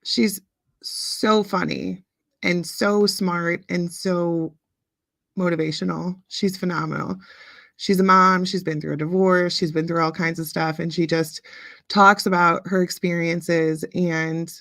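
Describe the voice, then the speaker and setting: Late-30s woman host, chatty, lots of ums, bit of fry in her voice, dry mic. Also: on the low side, fairly even intonation, measured pace, a bit bright, no room sound. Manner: chatty, reads out viewer comments, frequent ums. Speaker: livestream host. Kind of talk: casual chat with live viewers.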